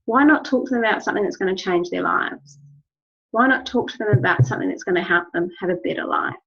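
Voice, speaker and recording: A woman's voice: mid-range voice, fast, gravelly, fairly bright tone, husky. A woman giving an instructional talk to her team, earnest and encouraging, repeating key phrases. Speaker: wellness business trainer. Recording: dull lo-fi recording.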